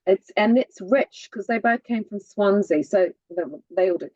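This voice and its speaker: A woman guest in a casual chat, telling lively stories with a musical cadence in her speech. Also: mid-range voice, moderate pace, no room sound, highs cut off.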